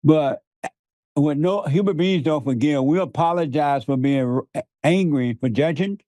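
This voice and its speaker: A man's voice: fairly high pitch, measured pace, dark tone, no room sound. A male guest who talks like a preacher, hammering points home by repeating words and laughing often between them. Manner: emphatic, repeats words for force. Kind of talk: preaching in conversation.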